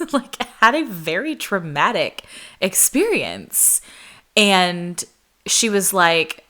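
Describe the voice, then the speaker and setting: A young woman hosting a podcast, telling a story in casual chat, full of "like" fillers and quoting people in higher, sharper voices. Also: lively intonation, takes it slowly, bright, forceful tone. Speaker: podcast host.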